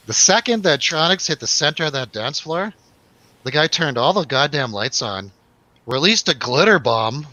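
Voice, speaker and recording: A man's voice: mid-range voice, bright, forceful tone, no echo, poor audio. A man hosting a radio show, telling a rambling, laughing, swearing story in a casual chat.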